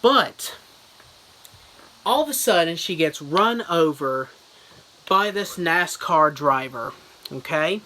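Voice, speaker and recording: A man's voice: on the high side, expressive, slow, long pauses, bright, forceful tone, a little hiss or hum, rough recording. A man giving a goofy, rambling mock book review as a comedy vlogger.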